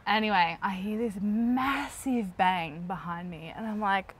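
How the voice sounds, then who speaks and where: A woman's voice: mid-range voice, normal speed, few pauses, slight background noise. An Australian woman in her thirties, a mother co-hosting a casual family travel chat, telling stories with lots of laughter and "like" fillers. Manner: lively, laughs often, many "like" fillers. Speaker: co-host, mother. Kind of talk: casual chat, animated storytelling.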